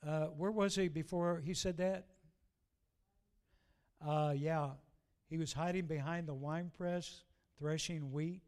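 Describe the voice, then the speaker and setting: High-voiced preacher, folksy sermon. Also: male voice, fairly even intonation, a little mellow, smooth. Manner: folksy storytelling, slows to read scripture aloud.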